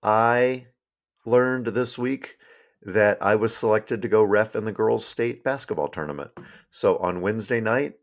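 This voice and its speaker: A man's voice: lowish voice, measured pace. A man co-hosting a podcast, chatting casually and joking, trailing off with fillers. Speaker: podcast co-host. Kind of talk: casual chat.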